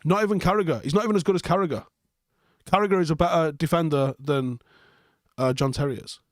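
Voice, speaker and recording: A young man hosts a live football reaction stream, reading viewer comments and answering bluntly with heavy swearing and sarcasm. His voice is a little high and he talks fast. The sound is clean studio quality with no echo.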